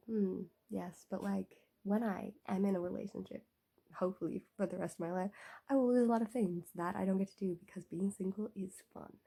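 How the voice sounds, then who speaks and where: A woman talking casually in a book vlog, husky and sick with a cough, rambling with many "like" fillers. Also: medium pitch. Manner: rambling, full of "like" fillers, animated rants. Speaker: book vlogger. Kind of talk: casual chat. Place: indoors at home.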